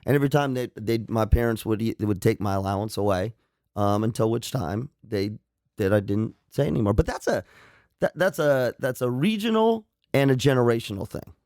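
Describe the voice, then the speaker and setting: A man's voice: mid-range voice, animated, brisk, darkish tone, dry recording, studio quality. A man co-hosting a radio show, chatty and full of questions, rambling in casual banter.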